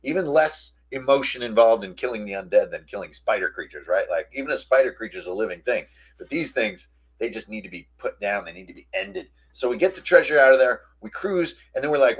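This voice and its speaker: A man hosting a casual recap of a tabletop game session, telling it in an animated, slangy way. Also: medium pitch. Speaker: host.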